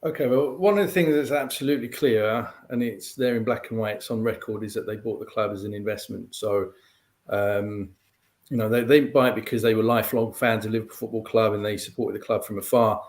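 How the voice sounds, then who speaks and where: A male guest pundit giving measured, explanatory analysis in conversation, often filling with "um" and "you know". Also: lowish voice, fairly even intonation, darkish tone.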